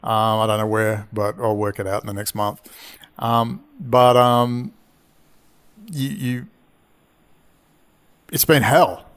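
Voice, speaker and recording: A man's voice: fairly low pitch, little pitch movement, takes it slowly, pauses often, smooth. A man, from Australia, delivering an angry, profane, rambling monologue as a commentator. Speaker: independent commentator. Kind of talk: ranting monologue.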